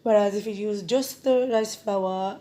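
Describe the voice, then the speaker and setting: Woman with a croaky, sore throat. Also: medium pitch, measured pace, dark tone. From Bangladesh. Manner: chatty, repeats herself with many ums. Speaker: home cooking host. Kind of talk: casual cooking tutorial.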